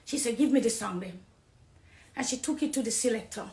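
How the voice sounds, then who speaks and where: A high-voiced Jamaican woman testifies to her listeners with raw passion. She drops to hushed pleading, then rises loud and forceful. Her voice rings off the walls of an echoey room. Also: brisk. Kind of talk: impassioned testimony.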